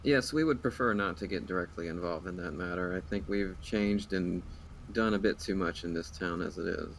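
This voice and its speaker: A man voicing gruff, wary brothers of a noble house with a Scottish accent, blunt and bellowing. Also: deep voice, normal speed, a little hiss or hum, voice pushed down. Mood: guarded.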